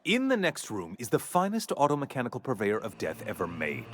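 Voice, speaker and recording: A man's voice: mid-range voice, wildly swooping pitch, fairly quick, fairly bright tone, a little hiss or hum. An actor voicing a haughty, ruthless male corporate executive villain in a video game, speaking with contempt and menace. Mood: menacing.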